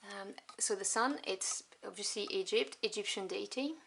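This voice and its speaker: A woman casually reviewing a tarot deck at home, chatty and enthusiastic, with soft asides as she flips through the cards. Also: mid-range voice, moderate pace, vocal fry. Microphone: camera on tripod. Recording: noisy home recording with clicks.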